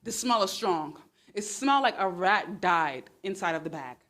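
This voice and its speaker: A woman hosting a casual livestream on her phone, talking in a sarcastic, exclamatory and animated way. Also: fairly low pitch, normal speed. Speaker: livestream host.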